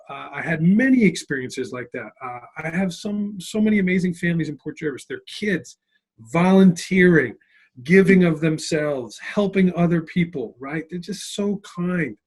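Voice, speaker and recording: Husky, animated middle-aged man. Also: fairly high pitch, moderate pace. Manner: animated, tags lines with "right?" and "like". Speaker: school principal and author. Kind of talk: conversational interview storytelling.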